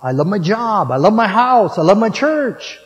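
A man preaching a sermon in a storytelling manner, moving between emphatic lines and hushed ones. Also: sits high, very animated, moderate pace, dull audio. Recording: long reverb of a large hall.

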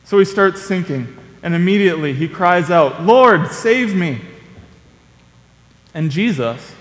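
A young man preaching a sermon with a slightly high voice, telling stories in a relaxed, conversational way and acting out lively quotes. His voice carries a long reverb, as in a large hall. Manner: conversational storytelling with playful acted quotes.

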